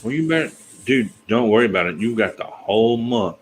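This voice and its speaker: A man's voice: medium pitch, expressive, brisk, a little hiss or hum, poor audio. A man hosting a casual live chat on a video call, folksy and easygoing. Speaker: livestream host.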